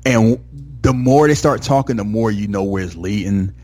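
A man's voice: lowish voice, normal speed, darkish tone. A man chatting casually about a film he saw, rambling with lots of "like" and "you know", sometimes acting out the lines. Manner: enthusiastic, acts out movie lines. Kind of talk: casual movie discussion.

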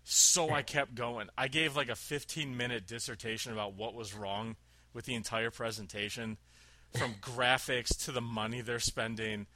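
A man's voice: medium pitch, fairly even intonation, moderate pace, bright, forceful tone, dry recording. A man chatting casually on a podcast, telling a long story with laughs and acted-out quotes. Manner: rambling, laughing, acts out quotes.

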